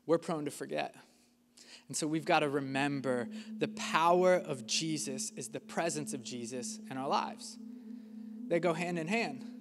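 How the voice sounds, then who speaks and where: High bright-voiced preacher in a reverberant hall. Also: male voice, unhurried, a crowd in the background. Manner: impassioned preaching, acted-out quotes, builds to shouts. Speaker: pastor. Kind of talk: sermon.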